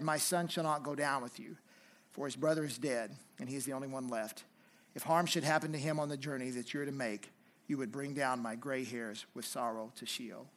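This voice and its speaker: A pastor preaching a sermon, reading scripture aloud with rising emphasis and then explaining it in a softer, conversational way. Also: male voice, medium pitch.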